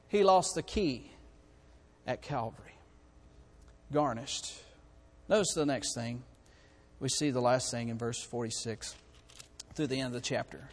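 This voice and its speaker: A male preacher delivering an impassioned, repetitive sermon that swings from quiet to loud. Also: mid-range voice, unhurried, pauses often, big-room sound.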